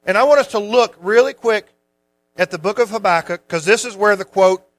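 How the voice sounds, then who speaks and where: Male preacher, high voice, relaxed conversational Bible teaching. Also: a little fast. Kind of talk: sermon.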